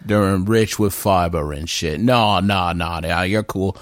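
Man doing a brash ghost horse: deepish, unhurried, cocky. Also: no echo, studio quality. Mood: rowdy. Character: crude rowdy male spectral horse.

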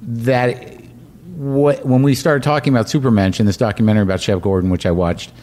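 A man hosting an interview, asking his questions haltingly, with many pauses and fillers. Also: mid-range voice, fairly even intonation, a little mellow, long reverb tail. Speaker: host. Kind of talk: casual interview.

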